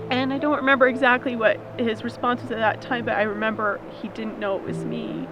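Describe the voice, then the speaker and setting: A woman's voice: a little high, fairly even intonation, brisk, noisy background. A woman giving an emotional, reflective documentary interview. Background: music.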